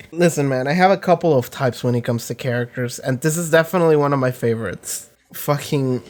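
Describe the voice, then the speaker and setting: A man giving casual anime reaction commentary from a home setup, rambling excitedly with lots of fillers and swearing. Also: mid-range voice, fairly quick.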